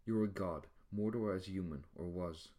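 A defiant young hero pushes back with raised, emphatic lines, as a male reader plays him. The voice climbs above the reader's low register but keeps a storybook feel. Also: normal speed, dark tone, natural voice. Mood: angry.

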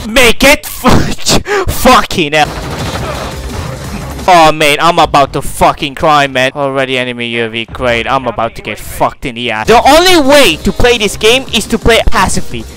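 A young man giving swearing, ranting gameplay commentary with loud outbursts. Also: fairly high pitch, very animated, normal speed, soft background music. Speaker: gaming YouTuber.

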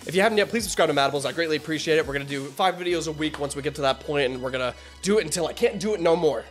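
An excitable man reacting to music, gushing and laughing between lines in loose, casual commentary. His voice sits a touch high, and faint music hums behind him. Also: very fast. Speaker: reaction video host.

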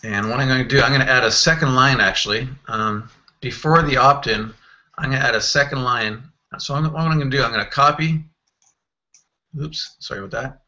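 A man walking through a software screen tutorial in a casual, think-aloud way, with fillers and self-corrections. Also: mid-range voice, brisk, muffled recording. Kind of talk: screen-recorded software walkthrough.

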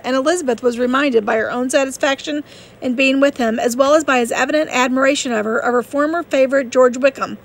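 A woman narrating a classic novel as an audiobook reader, steady and measured. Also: sits high.

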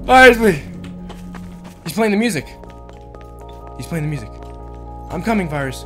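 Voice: medium pitch, very animated, moderate pace. A gaming channel host giving panicked let's-play commentary, shrieking and repeating words over and over. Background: game music.

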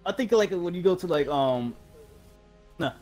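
A man chatting casually while gaming, chiming in with quick jokey remarks. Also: high-pitched, expressive, over music. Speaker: gaming co-player.

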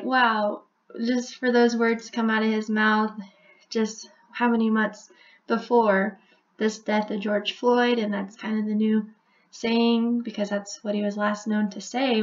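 A woman's voice: a little high, measured pace, dull audio. A woman casually explaining a number theory in a chatty voice-over. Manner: even, chatty, with frequent "like" and "so". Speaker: video host explaining number codes.

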